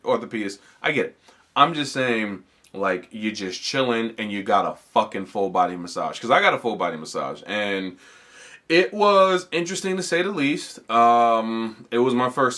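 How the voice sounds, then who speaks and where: A man's voice: medium pitch, fairly bright tone. A man hosting a comedy podcast, telling a rambling, profane story in a casual way, full of fillers and restarts. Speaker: podcast host.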